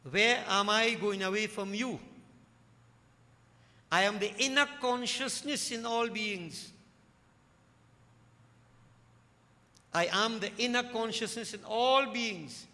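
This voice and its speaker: A man voicing a calm, loving male deity as he retells a sacred story in a sermon. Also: high voice, measured pace, pitched above the performer's own voice. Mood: tender reassurance. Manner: gentle, reassuring, solemn. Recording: echoey hall with faint ambience.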